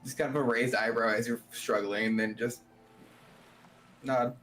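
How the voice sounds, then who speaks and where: A man's voice: mid-range voice, fairly even intonation, moderate pace, fairly bright tone, distant mic, slight background noise, rough recording. Man casually playing a tabletop game. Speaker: player.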